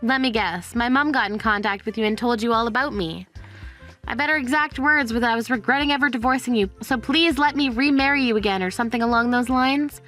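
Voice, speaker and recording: A woman's voice: on the high side, a little fast, a bit bright, faint music behind, lightly acted. A woman voicing a defiant young divorced woman who speaks coldly and firmly, in a dramatized story. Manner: cold, cutting, firm.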